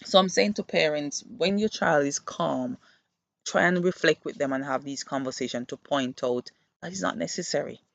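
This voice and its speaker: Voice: medium pitch, moderate pace, gravelly, no echo. A podcast host who works with children gives an earnest, reflective monologue and explains through classroom stories. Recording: dull, muffled dry recording.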